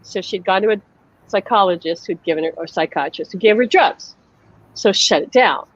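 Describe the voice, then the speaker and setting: A woman's voice: mid-range voice, moderate pace, muffled recording. A woman, a psychic medium hosting a live online chat, tells personal stories casually, acting out the voices she quotes and using lots of "like" fillers. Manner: chatty, acts out quoted voices, many "like" fillers. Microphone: video call.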